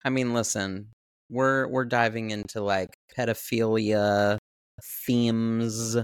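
Man podcast co-host, unhurried and blunt, dry close sound. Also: on the low side, little pitch movement, smooth, no room sound. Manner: laid-back, blunt, swears freely. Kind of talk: casual movie review chat.

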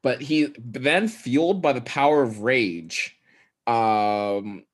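A man co-hosting a podcast, talking through a film's plot in loose, casual chat. He tells it in a joking, profane, animated way, at a middle pitch for a man. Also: slow pace. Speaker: podcast co-host.

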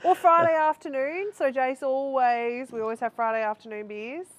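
A woman with a fairly high voice, a guest on a podcast, chatting casually and laughing easily. Her voice sounds close and dry, with almost no room sound. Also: steady tone, normal speed, no echo, poor audio. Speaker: podcast guest, brewing supply shop owner. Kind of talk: casual chat.

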